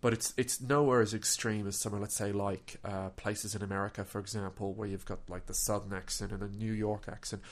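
A man's voice: fairly low pitch, flat delivery, a little fast, hardly any pauses. An Australian man co-hosting a podcast, talking casually with lots of fillers and restarts. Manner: rambling, many fillers and restarts. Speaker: podcast co-host. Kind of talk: casual chat.

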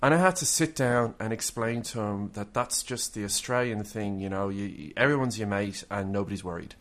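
Guy cohosting a podcast, kinda low voice, rambles and restarts a lot. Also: brisk. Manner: rambling, lots of fillers and restarts. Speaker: podcast co-host. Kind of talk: casual chat.

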